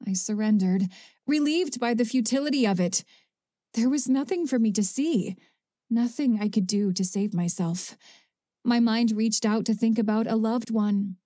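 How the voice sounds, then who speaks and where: A woman narrating a first-person audiobook in a measured, even storytelling manner, close to a studio mic. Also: medium pitch, no echo.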